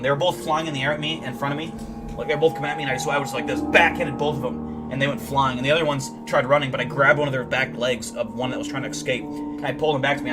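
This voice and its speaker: A young man hosting a livestream, telling deadpan, boastful tall tales in a rambling way full of fillers. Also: mid-range voice. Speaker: livestream host. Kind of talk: comedic in-character livestream storytelling.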